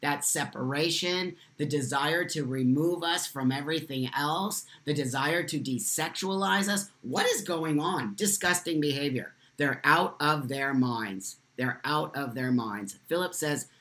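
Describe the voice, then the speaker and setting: A man's voice: fairly high pitch, unhurried, hardly any pauses, sharp tone. A man hosting a live stream from his phone, answering viewers' comments. He speaks with impassioned emphasis and repeats lines for force.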